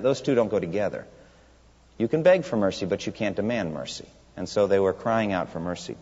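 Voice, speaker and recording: A man's voice: medium pitch, a little mellow. Guy preaching a sermon, voice swings up and down a lot, kinda muffled lo-fi, long church echo. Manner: emphatic, asks the congregation rhetorical questions. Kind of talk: expository sermon. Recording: long hall reverb, dull lo-fi sound.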